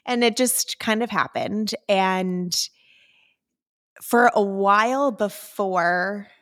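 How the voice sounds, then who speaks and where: A young woman in easy podcast chat, filling her talk with casual fillers. Her pitch sits in a middle range for a woman. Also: expressive, slow, a bit bright. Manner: chatty, lots of "like" fillers. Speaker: podcast co-host.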